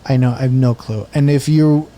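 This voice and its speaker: A man in his thirties hosting a podcast, telling a story in a casual, animated way and swearing often. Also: medium pitch, fairly quick, a crowd in the background. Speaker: podcast host and comedian.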